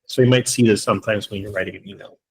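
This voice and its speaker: A man's voice: fairly low pitch, steady tone, very fast, a little hiss or hum, poor audio. A man teaching an online English class, explaining patiently step by step and often checking in with his students. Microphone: computer mic on a video call.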